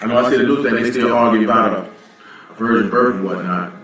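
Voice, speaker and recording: A man's voice: fairly low pitch, fast talker, a bit bright. A man gives informal, blunt Bible teaching, talking conversationally and often asking "you know what I'm saying". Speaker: teacher at a religious assembly. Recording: very echoey room, voice from a distance.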